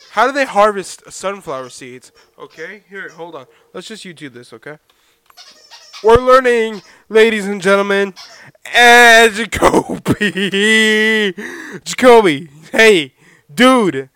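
A young man from Oklahoma hosting his own podcast at home, telling a rambling, animated story in casual chat and breaking off to scold his dog. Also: high voice, moderate pace, smooth, no room sound. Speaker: podcast host.

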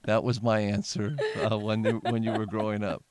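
Earnest middle-aged pastor, low voice. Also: male voice, normal speed. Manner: earnest storyteller, animated when retelling. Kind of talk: casual podcast conversation.

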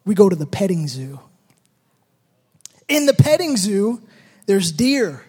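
A man telling a lively story about his kids, acting out the moments with shouted sound effects, then drawing a life lesson from it. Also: high-pitched, slow, slightly rough, long reverb tail. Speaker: father telling a personal story.

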